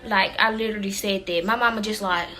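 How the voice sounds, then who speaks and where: Chatty young woman, bright voice. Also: mid-range voice, quick pace, soft background music. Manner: animated, chatty, addresses viewers as y'all. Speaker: vlogger. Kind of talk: casual storytelling to viewers.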